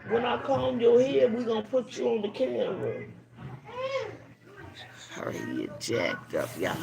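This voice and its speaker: Older grandmother, livestream host, slow, preachy scolding, gravelly fry. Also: medium pitch, big pitch swings. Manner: preachy, scolding, drawn-out emphasis. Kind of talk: casual livestream commentary.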